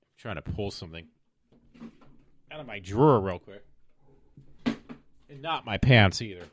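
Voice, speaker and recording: A man's voice: on the low side, expressive, a little slow, a little hiss or hum. A man hosting his own web show from home, chatting casually with lots of fillers, rambling asides and sarcastic mock pleading. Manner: rambling, many fillers and trailing off. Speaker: podcast host. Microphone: desk microphone at home.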